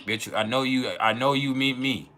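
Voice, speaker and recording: A man's voice: mid-range voice, fairly even intonation, normal speed, bright, forceful tone. A young man hosting an astrology channel, talking casually and profanely, laughing often and acting out heated arguments in his own voice. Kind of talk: casual unfiltered chat.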